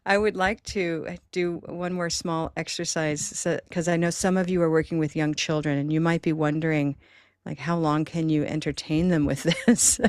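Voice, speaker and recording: A woman's voice: deep voice, steady tone, moderate pace, darkish tone, clear, resonant tone, no room sound, clean studio sound. A woman leading an online teacher training session, upbeat and encouraging as she demonstrates with objects over a video call. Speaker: workshop presenter.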